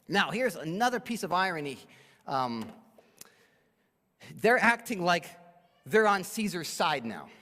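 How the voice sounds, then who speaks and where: A pastor with a high-pitched, animated, fairly bright voice preaches unhurriedly, leaving long pauses. He explains a Bible passage verse by verse and briefly plays the people it quotes, his words echoing with the long reverb of a church sanctuary.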